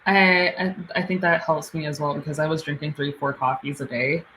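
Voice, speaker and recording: A woman guest on a podcast with a notably low voice, talking in a relaxed, casual way full of fillers. A faint hiss of noise sits behind her. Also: brisk, rough recording. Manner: relaxed, filler-heavy chat. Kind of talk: casual interview chat.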